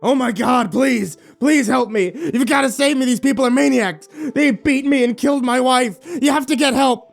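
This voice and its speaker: Frantic, begging captive man, voiced by a male narrator; high and loud. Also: normal speed, gravelly, soft background music. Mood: frantic pleading. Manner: frantic pleading. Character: captive man, pleading, secretly sinister.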